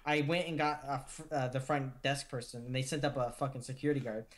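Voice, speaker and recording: A man co-hosting a podcast, telling stories in a casual, animated way with lots of swearing. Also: medium pitch. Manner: animated, profane, quick asides. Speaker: podcast co-host. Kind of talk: casual profane storytelling.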